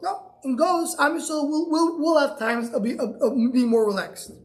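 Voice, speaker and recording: A male rabbi giving a daily Talmud class. He reads each line of the Aramaic text and then explains it in English, often repeating words as he searches for the phrasing. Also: very high-pitched.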